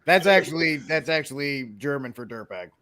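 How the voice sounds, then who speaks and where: A man with a New England accent, trading deadpan jokes on a trivia panel. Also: a little high, normal speed, a crowd in the background. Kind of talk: joking panel banter.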